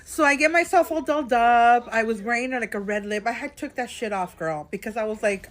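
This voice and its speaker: In a hotel room, a vlogger who's had a bit to drink vents in a chatty storytime, calling viewers girl and y'all. She talks fairly quickly with few pauses, her voice fairly high-pitched.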